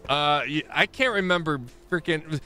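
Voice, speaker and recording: A man's voice: fairly high pitch, normal speed, pushed and bright, soft background music. Rambling man streaming a game. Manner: rambling, self-correcting, laughs often. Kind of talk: casual live-stream chat.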